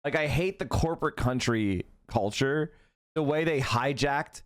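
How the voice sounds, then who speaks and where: A man hosting a live stream, giving political commentary in an animated, profane rant full of tangents. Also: mid-range voice, unhurried. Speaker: streamer host.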